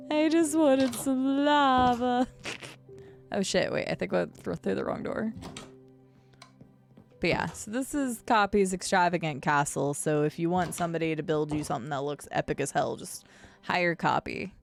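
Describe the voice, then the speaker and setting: A woman's voice: lowish voice, moderate pace, creaky, soft background music. A woman streaming a game, chatting casually with her viewers and fellow players and laughing often. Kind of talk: casual gameplay stream chat.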